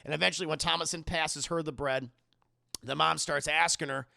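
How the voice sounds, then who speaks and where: A young man recaps a horror film for his live chat, swearing and jumping into character voices. His voice is high and gravelly with a bright, tense edge. The sound is close and dry. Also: a little fast, no echo. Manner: animated, profane, addresses chat. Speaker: movie reviewer streaming live. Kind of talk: casual livestream movie recap.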